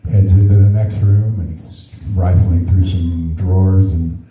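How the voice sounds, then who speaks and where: A man's voice: low voice, steady tone, measured pace, phone-quality sound. A man doing stand-up, telling crude jokes with dry punchline delivery. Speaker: stand-up comedian. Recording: echoey room, distant mic, faint noise.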